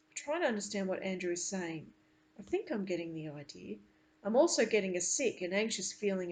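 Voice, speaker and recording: A woman, a teacher, reading a novel aloud to her class and stopping to explain it in earnest, halting asides. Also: medium pitch, big pitch swings.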